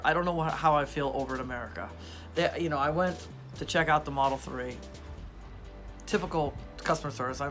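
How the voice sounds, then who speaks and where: A man vlogging into his phone, hoarse from losing his voice and laughing often as he rambles on, frustrated. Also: medium pitch. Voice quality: weak voice. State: hoarse, lost voice. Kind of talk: casual vlog talk to phone camera. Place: outdoors in the rain, then indoors. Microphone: phone held at arm's length.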